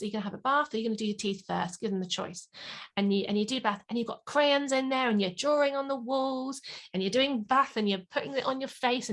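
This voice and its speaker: Woman, parenting consultant, animated, voice a touch high. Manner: animated, acts out parents and children. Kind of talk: podcast interview.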